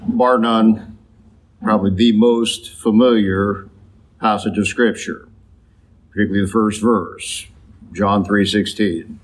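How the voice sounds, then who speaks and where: Slow husky-voiced preaching man. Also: lowish voice, steady tone. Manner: slow, emphatic preaching with drawn-out stressed phrases. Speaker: priest. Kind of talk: sermon.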